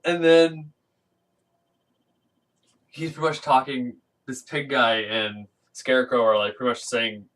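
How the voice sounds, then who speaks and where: A man's voice: mid-range voice, moderate pace, few pauses, a bit bright, recorded from a distance, rough recording. A man casually recapping a comic book issue, rambling with lots of fillers and restarts and acting out the characters' lines in silly voices. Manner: rambling, filler-heavy, acts out quotes in funny voices.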